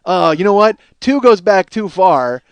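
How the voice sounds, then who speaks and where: A man in his forties, a podcast host telling a comedic story in a casual, animated way, swearing and laughing along. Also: high-pitched, measured pace, smooth. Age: 40s.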